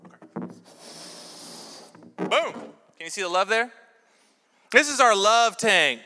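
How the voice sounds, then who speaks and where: High bright guy preaching, playful storyteller, big echoey church hall. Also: slow pace, background noise. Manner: lively, jokey storytelling with props. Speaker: pastor. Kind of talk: sermon. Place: large church sanctuary. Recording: long church hall reverb.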